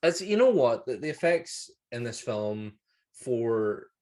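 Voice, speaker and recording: A man's voice: medium pitch, sing-song, slow, darkish tone. Northern Irish man, podcast co-host, rambling casual recap, foul-mouthed. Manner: rambling, laughing, swears freely. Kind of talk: casual film review chat.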